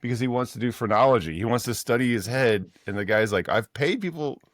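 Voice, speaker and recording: A man's voice: lowish voice, fast, no echo, studio quality. A man co-hosting a podcast, animatedly retelling a story in casual book chat and laughing often. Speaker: podcast co-host.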